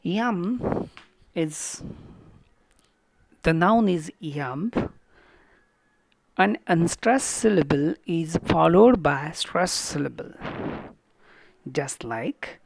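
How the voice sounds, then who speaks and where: A woman with an Indian English accent teaching a recorded lecture, sounding out syllables with strong emphasis and dropping to a whisper on quiet words. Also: fairly low pitch, lively intonation, drawn-out words, gravelly, pauses often.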